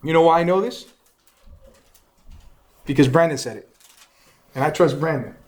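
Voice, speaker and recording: A man with a high voice teaching a Bible class. He talks with animation and keeps firing questions at his listeners. He asks them to answer back as he explains each verse. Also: moderate pace, darkish tone.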